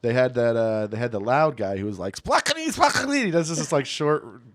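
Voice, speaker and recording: A man's voice: mid-range voice, a little fast, no room sound. A young man co-hosting a comedy podcast, rambling and joking, swearing freely into a studio mic. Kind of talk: casual chat. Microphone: studio mic with headphones.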